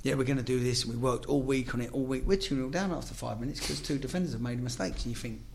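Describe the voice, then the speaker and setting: A man's voice: medium pitch, fast, gravelly, a little mellow, slight background noise. A man, a former footballer, telling stories in casual chat, swearing freely and acting out the dialogue.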